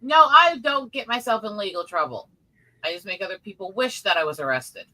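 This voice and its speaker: A woman co-hosting a stream in a playful, teasing way. Her pitch swings widely as she talks, and the talk stays casual. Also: animated, a little fast, bright, forceful tone, rough recording. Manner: playful, teasing, sings snatches. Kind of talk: casual chat.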